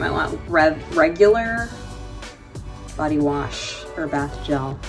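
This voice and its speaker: An American woman from New York talks through her travel finds in a relaxed vlog. Her voice sits low and she takes her time, joking, laughing and filling pauses with ums, over faint background music. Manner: chatty and joking, laughs often, many fillers. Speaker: travel vlogger. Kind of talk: casual vlog chat.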